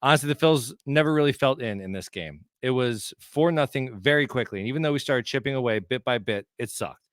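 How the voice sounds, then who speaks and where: A man's voice: mid-range voice, fairly quick, no room sound, studio quality. A man co-hosting a sports podcast in a casual chat, with a wry, sarcastic, cheeky manner. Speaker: podcast co-host.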